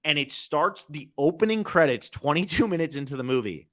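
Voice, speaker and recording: Brief: young man, podcast co-host, bright tone, lively storyteller. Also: on the high side, fairly quick. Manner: animated storyteller, acts out quotes. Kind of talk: casual movie chat.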